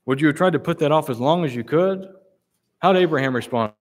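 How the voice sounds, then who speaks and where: Reading Bible passages in King James language, a male preacher confronts his audience with deliberate, forceful rhetorical questions. His pitch runs a little high, and his intonation is lively.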